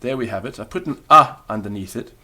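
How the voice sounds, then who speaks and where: A man's voice: on the low side, fast talker, sharp tone. A man teaching a recorded beginner language lesson, explaining patiently and demonstrating the sounds aloud.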